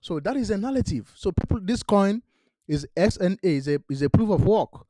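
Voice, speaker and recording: Addressing viewers directly on his crypto channel, a man gives emphatic, repetitive investment talk in non-native grammar, regularly tossing in "all right?". His mellow voice sits high with lively intonation, runs a little fast, and is dry-recorded.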